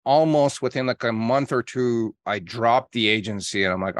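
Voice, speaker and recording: A man being interviewed on a podcast as a marketing coach, explaining his ideas with lively quoted examples. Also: medium pitch, moderate pace, few pauses, no echo, studio quality. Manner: energetic storyteller acting out calls in quotes.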